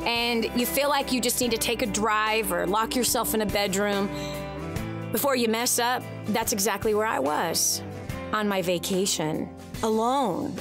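A woman hosting a Christian talk radio show, telling a personal story with emotion and animation. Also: a little high.

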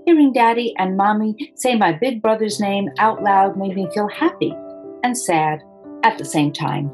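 A woman, the author, reading her children's picture book aloud in a gentle, expressive storytelling voice. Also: medium pitch, moderate pace, faint music behind, rough recording.

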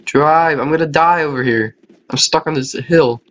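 A man's voice: fairly high pitch, normal speed, a bit bright, poor audio. A man giving casual, self-mocking let's-play commentary on a game, talking to viewers and laughing often. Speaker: gaming YouTuber.

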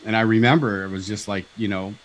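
Animated middle-aged man telling his story. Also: fairly low pitch, fast talker, poor audio. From Southern California. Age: 50s. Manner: animated, acts out dialogue, frequent "right?" and "like". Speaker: guest. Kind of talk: personal storytelling on a talk show.

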